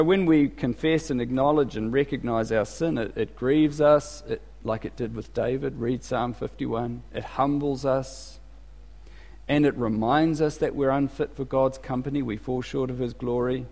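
A man's voice: mid-range voice, darkish tone. A man preaching a sermon as pastor in a conversational, emphatic way. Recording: church with long reverb.

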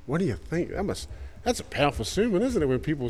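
A man's voice: a little high, very animated, fast talker, a little mellow, long reverb tail. A man with an Australian accent preaching a sermon, retelling stories in colloquial slang and acting out the characters. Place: church.

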